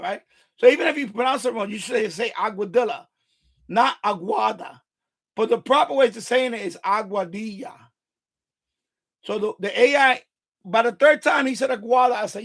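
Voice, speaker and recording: A man from Puerto Rico hosts a live stream and talks casually at a desk mic. His voice sits high for a man, with a gravelly edge running through it. He gets animated and profane, piling up restarts and swearing as he goes. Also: normal speed. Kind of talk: casual chat.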